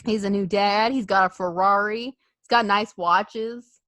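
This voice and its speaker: A woman co-hosting a casual wrestling podcast, animated and laughing, acting out others' lines in jokey voices. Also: mid-range voice, measured pace, no echo. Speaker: podcast co-host.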